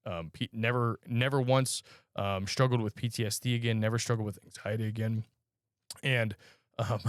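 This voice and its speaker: A man sharing his personal testimony as a podcast guest, telling his story in a halting, earnest way with frequent pauses. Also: on the low side, no echo, clean studio sound. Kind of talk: personal testimony in a conversational interview.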